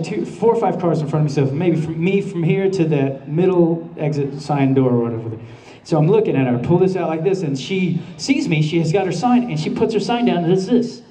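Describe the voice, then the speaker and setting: A man's voice: a little high, mellow. A man at a convention panel telling a comic anecdote on stage, acting out his own panic in quoted bits. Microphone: filmed from the audience at a distance. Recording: distant audience camera recording.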